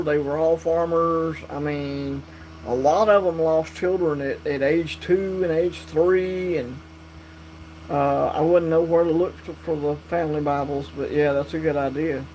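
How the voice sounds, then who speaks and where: A man hosting a casual live stream, chatting with viewers in a relaxed, drawling way. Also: a little high, low-quality recording. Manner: drawling, relaxed, reads and answers chat. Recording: faint mains hum.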